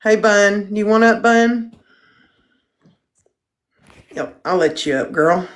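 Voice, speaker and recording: A woman's voice: medium pitch, takes it slowly, pauses often. A middle-aged woman hosting a casual livestream chat, blunt and self-mocking and swearing freely. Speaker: livestream host.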